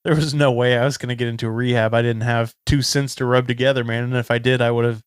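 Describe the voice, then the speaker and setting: A man's voice: medium pitch, level tone, fast talker, smooth, dry recording, studio quality. A young man hosting a recovery podcast, talking in an earnest, conversational way. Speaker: podcast host. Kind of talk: casual chat.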